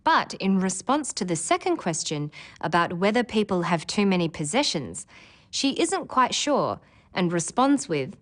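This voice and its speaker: A woman narrating a scripted English lesson, explaining points clearly and at a measured pace. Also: medium pitch, big pitch swings.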